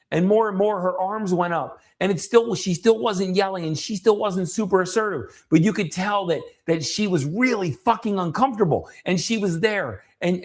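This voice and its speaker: A man with a somewhat high voice recounts a story in an unscripted, earnest monologue. He repeats himself, restarts phrases and drops casual swear words for emphasis. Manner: earnest, repetitive, with frequent restarts. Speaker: coach and podcast host.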